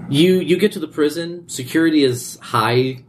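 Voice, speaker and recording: A man's voice: fairly high pitch, a little hiss or hum. A man narrating a tabletop role-playing game as game master, often stumbling over and repeating his words. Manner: halting, repeats words and says uh.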